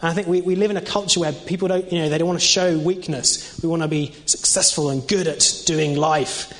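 A man's voice: on the high side, fairly even intonation, fairly quick, fairly bright tone. A young man preaching an informal sermon in a conversational way, with many fillers and restarts. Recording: long reverb of a hall.

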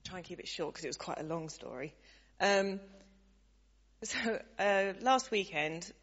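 A woman sharing a story with a church gathering, animated and laughing, acting out the voices of the people in it. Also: fairly low pitch, a little slow. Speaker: church member sharing a testimony. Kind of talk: casual storytelling to a congregation. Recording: dull sound, long hall reverb.

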